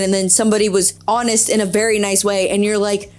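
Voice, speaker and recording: A woman's voice: medium pitch, lively intonation, a little fast, hardly any pauses, a little mellow. A young woman hosting a podcast, reading out online stories and reacting with sarcasm, swearing and laughter. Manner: sarcastic, exasperated, swears often, laughs a lot. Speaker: podcast host.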